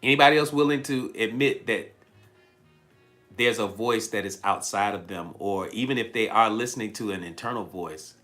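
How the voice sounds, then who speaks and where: A life coach with a lowish, bright, forceful voice speaks at a moderate pace into a handheld mic during a livestream motivational talk, with soft music behind him. He's emphatic, repeats phrases, reads viewer comments aloud and thanks people by name.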